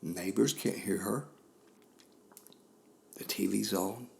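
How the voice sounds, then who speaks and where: An older man hosting a podcast, telling a solemn personal story in a slow, grave way with long pauses. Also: fairly low pitch, gravelly, darkish tone. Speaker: podcast host.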